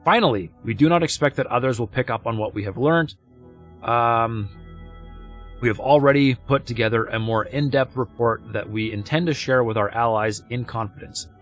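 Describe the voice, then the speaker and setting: A man's voice: mid-range voice, faint music behind, lightly acted. A man putting on a formal newscaster voice. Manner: measured, formal read-aloud delivery. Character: formal male newscaster reading a report. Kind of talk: reading game text aloud in character.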